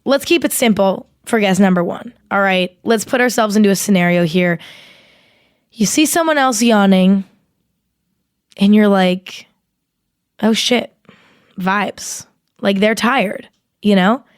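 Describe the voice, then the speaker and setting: Young woman, podcast host, rambling casual chat, lots of "like", smooth clear voice, dry close sound. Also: medium pitch, a little slow, dry recording. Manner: chatty and rambling, heavy use of "like". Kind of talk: casual chat with a sponsor read.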